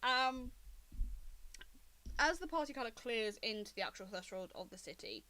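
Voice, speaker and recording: A woman's voice: mid-range voice, animated, fast talker, sharp tone, rough recording. A young adult woman, the game master, narrating a tabletop game on a livestream with rambling ums. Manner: rambling, with frequent ums and laughs.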